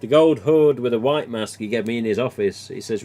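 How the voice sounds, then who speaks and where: A man's voice: medium pitch, fairly quick, dark tone. A man hosting a casual live stream, telling rambling stories and swearing mildly as he answers comments. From England. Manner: rambling and anecdotal, with mild swearing.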